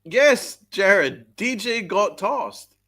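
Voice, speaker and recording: A man's voice: sits high, very animated, drawn-out words, pushed and bright. Angry man ranting on a sports podcast. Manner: angry, profane, venting; reads chat messages aloud. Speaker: podcast host. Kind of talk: live-stream sports rant.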